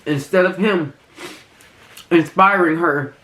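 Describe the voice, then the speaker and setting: A young adult woman talks to her viewers during a mukbang, her commentary emotional, heated, and impassioned. Her lowish voice is a bit bright, and she speaks slowly.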